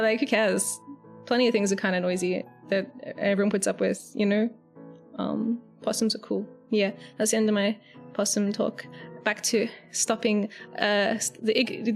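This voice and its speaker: A young woman with an Australian accent talks casually to her stream, rambling from one thought to the next with giggles and the odd curse. Her voice sits a little high. Soft music plays quietly behind her. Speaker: VTuber streamer. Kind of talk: casual live-stream chat.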